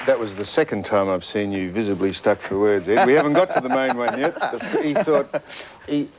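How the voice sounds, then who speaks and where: A man's voice: mid-range voice, a little fast, a loud crowd. An Australian man co-hosting a TV panel show, ribbing the others in banter. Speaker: co-host. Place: TV studio.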